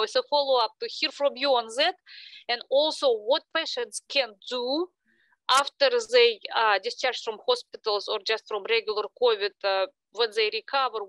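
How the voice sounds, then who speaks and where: A woman's voice: on the high side, fairly bright tone, no room sound, low-quality recording. A woman from Russia with a thick Russian accent, hosting an interview and asking long questions with many hesitations. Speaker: host.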